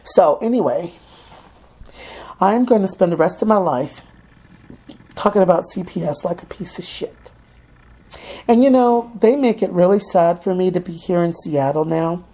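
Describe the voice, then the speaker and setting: A woman's voice: fairly low pitch, animated, normal speed, long pauses, dark tone, rough recording. A middle-aged woman ranting angrily to camera, swearing heavily and mimicking others sarcastically. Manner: heated, swearing, sarcastic mock quotes. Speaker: vlogger. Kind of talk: angry profane rant to camera. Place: Seattle.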